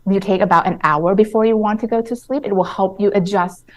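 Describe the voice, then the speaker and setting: A woman sleep-specialist doctor, a guest on a radio talk show, explaining things in a measured way with frequent pauses and restarts. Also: mid-range voice, fairly even intonation. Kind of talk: radio interview answers.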